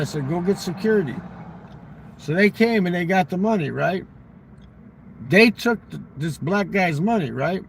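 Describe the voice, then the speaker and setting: A man's voice: sits high, a little hiss or hum, low-quality recording. A man telling a long, profane casino story in casual talk, acting out the exchanges he quotes.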